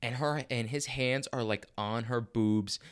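A young man hosts a podcast from a room at home and tries out stand-up bits. He talks in a profane, animated ramble, restarting sentences and pushing his voice up for emphasis. He has a mid-pitched voice. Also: measured pace, clear, resonant tone. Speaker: podcast host.

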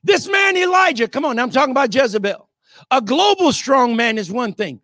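A man preaching a sermon, emphatic and often shouting, calling out rhetorical questions to the congregation. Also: extremely high pitch, animated, fairly quick, dry recording, studio quality.

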